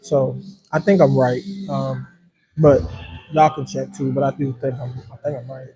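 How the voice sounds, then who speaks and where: A man's voice: medium pitch, normal speed, poor audio. A man hosting a casual livestream, rambling easily and talking straight to his viewers, with in his speech. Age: adult with a hundred-year-old grandmother. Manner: relaxed, rambling, talks to viewers as y'all. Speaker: live-stream host.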